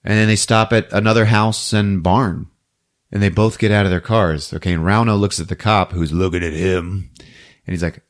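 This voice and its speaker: A man hosting a podcast, recapping a movie scene by scene, jumping into quick character voices and laughing often. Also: low voice, fairly even intonation. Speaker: podcast host.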